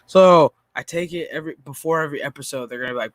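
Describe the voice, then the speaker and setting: A man's voice: medium pitch, steady tone, fairly quick, hardly any pauses, sharp tone, dry recording. A man streaming a profane, exasperated reaction rant with frequent sighs, talking straight into his mic. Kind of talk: ranting reaction commentary.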